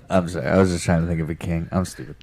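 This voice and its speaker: Podcast co-host guy, lowish voice, goofy and self-mocking, just chatting. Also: very noisy. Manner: joking, self-deprecating, quick asides. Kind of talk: casual podcast chat.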